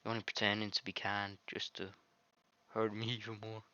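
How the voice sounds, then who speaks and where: A man voicing a heartbroken, betrayed young woman who speaks in a quiet, hurt, accusing way. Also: lowish voice, completely flat delivery, a little fast, highs cut off. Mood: bitter.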